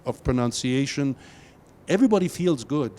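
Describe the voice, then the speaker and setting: A man's voice: medium pitch, animated, normal speed, mellow. An older man presenting a university workshop, speaking with emphatic stammering restarts. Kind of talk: workshop teaching.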